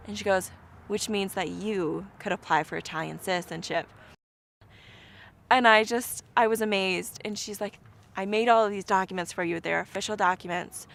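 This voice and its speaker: A woman's voice: medium pitch, normal speed, vocal fry. A woman telling a personal story in an interview, acting out what people said to her. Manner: animated, acts out quoted dialogue.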